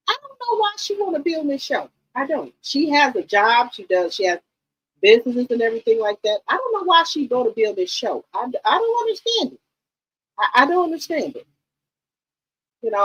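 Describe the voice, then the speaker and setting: A woman's voice: a little high, fairly bright tone, breathy edge, rough recording. A woman giving blunt, profane commentary on a reality show, questioning everything on a casual livestream.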